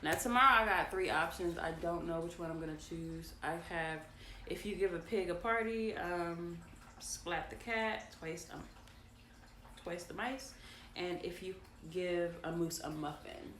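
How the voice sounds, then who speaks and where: A woman hosts a bedtime story reading for kids, chatty and playful, addressing her young listeners directly. Her voice is lowish, a little slow and sharp in tone. The room sounds echoey, with faint ambience and slight background noise.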